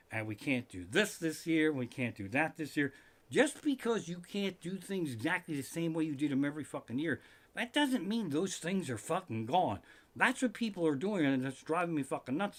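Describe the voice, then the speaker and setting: Profane ranting comedian with a bright voice. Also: male voice, a little high. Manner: profane, ranting, animated outbursts. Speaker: comedian host. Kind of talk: live-streamed comedic rant. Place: living room.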